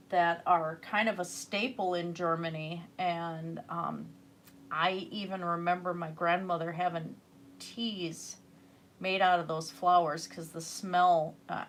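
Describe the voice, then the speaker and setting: A woman's voice: lowish voice, a bit bright, a little hiss or hum. A woman chatting casually while painting on a livestream, rambling and answering viewer comments. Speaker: livestreaming artist.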